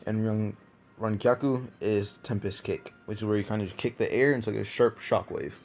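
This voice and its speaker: A man's voice: lowish voice, steady tone, fairly quick, gravelly, darkish tone, a little hiss or hum. A man casually telling a fan story, rambling with many fillers and repeated words.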